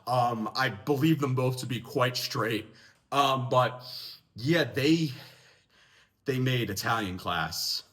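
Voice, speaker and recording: A young man telling a school story in a casual vlog, animated and jokey. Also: medium pitch, takes it slowly, pauses often. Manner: animated, jokey, lively delivery.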